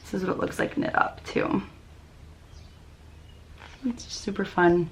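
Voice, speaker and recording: A woman's voice: medium pitch, slow pace, pauses often, slight background noise. A young woman hosting a knitting podcast, chatting casually with many ums and little laughs. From United States. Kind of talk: casual chat.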